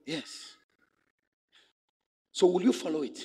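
A man's voice: on the high side, lively intonation, slow pace, mellow, husky. A male pastor preaching a sermon, emphatic and fond of repeating rhetorical questions to his congregation. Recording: echoey hall with long reverb.

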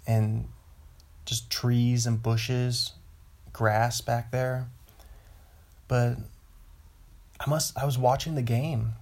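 Slow rambling man from the Pacific Northwest. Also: mid-range voice, gravelly, darkish tone. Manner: slow, meandering, chuckles to himself. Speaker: podcast host. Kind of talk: rambling casual monologue.

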